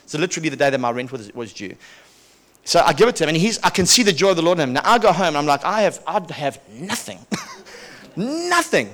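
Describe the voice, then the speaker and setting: Animated preacher man with a higher voice. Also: very fast. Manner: animated storytelling, chuckling and repeating himself. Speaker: pastor. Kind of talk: sermon with personal testimony.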